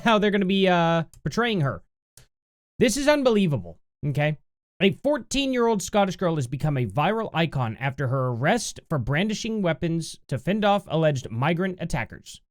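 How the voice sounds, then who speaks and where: Brief: indignant American commentary host, lively swooping pitch, mocking asides. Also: male voice. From United States. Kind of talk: reacting to a news clip.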